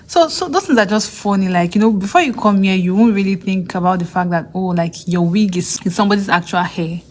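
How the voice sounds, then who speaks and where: A young woman with a Nigerian accent telling stories casually in a vlog, often acting out what others said in a higher voice. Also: a little mellow, slight background noise. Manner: chatty, acts out others' lines in a higher voice. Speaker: vlogger and graduate student.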